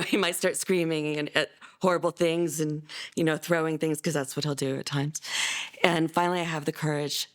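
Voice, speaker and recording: A middle-aged woman from California telling a personal story, unhurried and halting, with many pauses and fillers. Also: low-pitched. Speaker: interviewee, mother.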